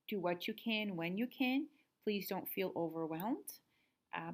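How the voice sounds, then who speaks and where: A woman teaching first graders in a remote reading lesson, slow and sing-song, drawing out words. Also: on the low side. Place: home room, recording a video lesson.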